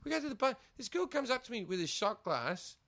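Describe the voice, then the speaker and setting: A middle-aged Australian comedian telling stories in a casual chat, animated and quick to laugh, acting out other people's lines. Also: male voice, very high-pitched, creaky, no echo. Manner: animated, acts out quotes in put-on voices, laughs often. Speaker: guest comedian. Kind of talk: casual storytelling.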